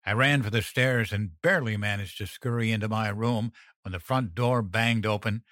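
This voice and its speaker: A man reading a first-person horror story as an audiobook narrator, tense and measured. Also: lowish voice, fairly bright tone, no room sound, studio quality.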